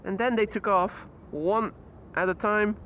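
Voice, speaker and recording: A man's voice: high-pitched, unhurried. A man hosting a live plane-spotting stream outdoors beside the water, chatting playfully with his viewers. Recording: loud outdoor traffic noise.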